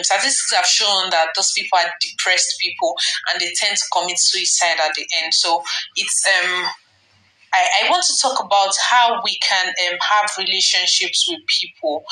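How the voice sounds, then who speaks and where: A woman hosts a breakfast talk show, speaking in a bright, forceful tone. Her delivery is loose and chatty, full of fillers. The sound carries a noticeable room echo. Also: medium pitch. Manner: chatty, rambling with fillers and laughs. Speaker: radio-style show host. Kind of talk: casual talk show monologue.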